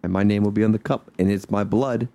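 A man's voice: fairly low pitch, quick pace, gravelly, no echo. A man co-hosting a radio show, trading jokes in casual banter. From Nashville, USA. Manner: joking, lively banter. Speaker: co-host.

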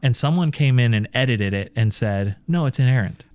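A man's voice: mid-range voice, lively intonation, a little fast, a little mellow. Emphatic man posing rhetorical questions. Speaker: podcast co-host. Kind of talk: casual chat.

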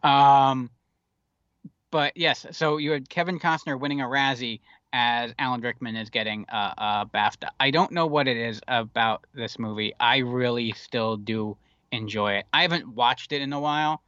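A man's voice: medium pitch, moderate pace, sharp tone, clean tone, dry recording, dull audio. A man co-hosting a podcast, talking casually about movies in a rambling, wry way with lots of fillers. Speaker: podcast co-host.

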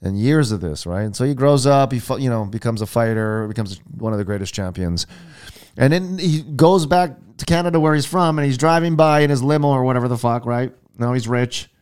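Guy from hawaii rambling and cursing on a podcast, smooth clear voice. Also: mid-range voice, brisk, darkish tone. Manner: profane, rambling storyteller. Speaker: podcast co-host. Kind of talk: casual chat.

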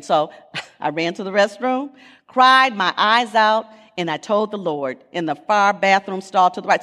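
Woman telling a testimony in an echoey church. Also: mid-range voice. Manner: animated storytelling with dramatic pauses. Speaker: guest speaker at church. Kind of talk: sermon testimony. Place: church sanctuary.

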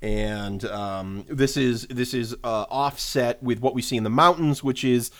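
A man's voice: medium pitch, a little slow, a bit bright. A man co-hosting a casual movie podcast, recapping the plot in an easygoing way with many ums. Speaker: podcast co-host. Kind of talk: casual comedic movie chat.

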